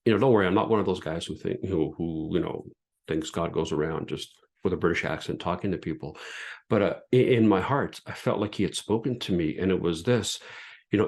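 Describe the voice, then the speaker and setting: Earnest low-voiced man. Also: a little fast, darkish tone. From Canada. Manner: earnest, reflective, with frequent restarts and filler phrases. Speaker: podcast host and former pastor. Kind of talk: personal storytelling monologue.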